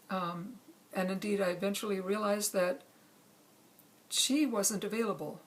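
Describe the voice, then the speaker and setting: A middle-aged woman calmly telling a true personal story, with measured pauses. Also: medium pitch. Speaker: speaker sharing a personal story.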